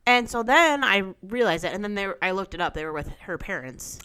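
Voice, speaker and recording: A woman's voice: mid-range voice, big pitch swings, fairly quick, clean tone. A woman co-hosting a podcast, telling a story in casual chat, sprinkling in "like" as she goes. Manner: storytelling with frequent "like" fillers and loud bursts of laughter. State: sick, losing her voice. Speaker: podcast co-host.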